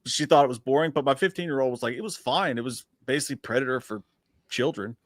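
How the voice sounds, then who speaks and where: A man's voice: medium pitch, quick pace, dry recording, studio quality. A middle-aged father co-hosting a live movie stream, chatting casually with swearing and reading out viewer messages. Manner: profane, laid-back, reads viewer messages. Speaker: co-host.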